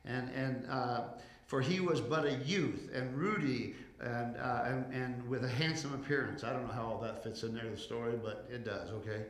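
Male pastor, mid-pitched, preaching with slow emphatic build-ups, reverberant church. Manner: preaching with rising intensity, slowing for emphasis; calls for congregation response. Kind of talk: sermon.

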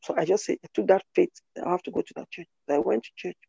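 A woman recounts her life in an interview, earnest and halting, often restarting her sentences. Her voice is dark and husky. The recording is dry, slightly muffled and lo-fi. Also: lowish voice, dry recording. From Cameroon. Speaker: interview guest. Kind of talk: personal testimony in conversation.

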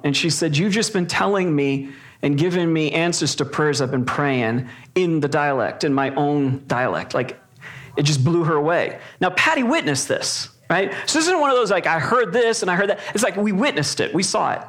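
A middle-aged man delivering a sermon in a loose, conversational way, with frequent fillers and self-corrections. His voice sits a little higher than most men's, and he speaks as though chatting with his congregation. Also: fairly bright tone. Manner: conversational, many fillers and restarts. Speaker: pastor.

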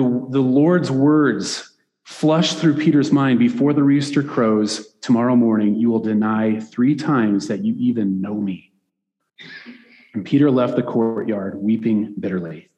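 A man's voice: medium pitch, a little mellow, big-room sound. A man preaching a sermon, reading scripture aloud and breaking off into casual asides that keep asking "right?".

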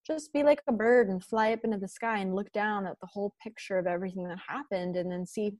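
A woman talks about listening to intuition in earnest, encouraging tones. Her voice sits at a middle pitch. The recording is close and dry, with no room sound. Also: fast, hardly any pauses, darkish tone, no room sound. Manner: earnest, encouraging, spiritual wording. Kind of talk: reflective podcast conversation.

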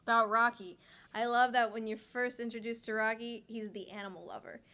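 Bright-voiced woman co-host from the West Coast, quick to laugh, enthusiastic. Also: on the high side, steady tone. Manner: warm, giggly, enthusiastic. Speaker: podcast co-host. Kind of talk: casual movie discussion.

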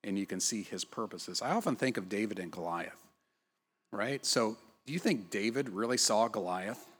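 A man's voice: lowish voice, moderate pace, fairly bright tone, husky, in a large hall. A man preaching a sermon in a conversational way, often checking in with tag questions. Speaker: pastor.

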